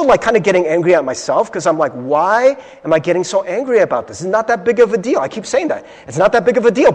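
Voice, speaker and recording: A man's voice: on the high side, breathy edge. A man preaching a sermon as pastor, talking conversationally and often checking in with the audience. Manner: conversational, keeps asking the audience "right?"; animated storytelling. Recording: long reverb of a hall.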